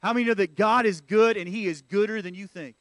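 A man's voice: high-pitched, fairly quick, fairly bright tone, no echo. A man preaching a sermon in a church, calling out to the congregation. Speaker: pastor.

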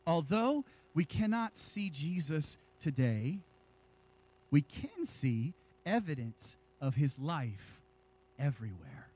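A man preaching a sermon as pastor, speaking with animated energy and joking with his congregation. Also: a little high, slow pace, husky.

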